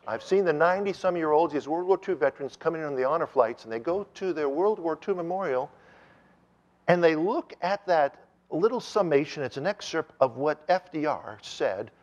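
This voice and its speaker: A man preaching a sermon and telling stories with animated emphasis. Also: a little high, dull audio. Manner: animated storytelling, with rising emphasis.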